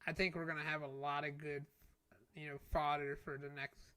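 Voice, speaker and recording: Bright teasing man chatting. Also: on the high side, little pitch movement, moderate pace, clean tone. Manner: teasing, laughs often. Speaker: podcast co-host. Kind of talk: casual chat.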